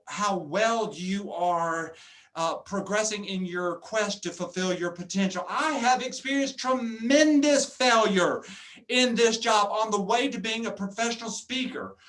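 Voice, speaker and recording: A man giving a motivational keynote talk as a professional speaker, animated and jokey, acting out customers in funny voices. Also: high voice, measured pace.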